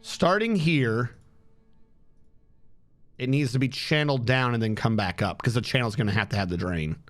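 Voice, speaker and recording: A man's voice: medium pitch, normal speed, fairly bright tone, soft background music. A man streaming a building game, muttering and counting tiles aloud while getting frustrated. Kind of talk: live gameplay commentary.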